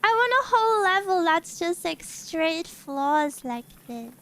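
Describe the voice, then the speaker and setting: Streamer, female, very high pitch, easygoing slow delivery, bubbly and giggly casual chat. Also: sing-song, sharp tone, poor audio. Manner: bubbly, giggly, chatting with viewers. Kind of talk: casual chat while gaming.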